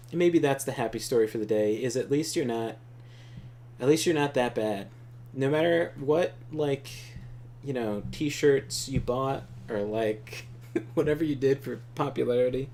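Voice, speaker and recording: A man's voice: mid-range voice, darkish tone, slight background noise. Rambling, profane man telling stories. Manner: rambling, profane, laughing often. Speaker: co-op gameplay host. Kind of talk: casual storytelling chat.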